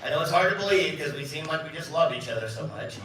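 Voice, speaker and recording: A man's voice: on the high side, animated, quick pace, fairly bright tone, slight background noise. Man in his fifties telling stories from a stage. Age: 50s. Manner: chatty, self-mocking, acts out dialogue. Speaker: keynote speaker. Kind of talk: storytelling speech to a live audience. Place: event hall. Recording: echoey hall from a distance.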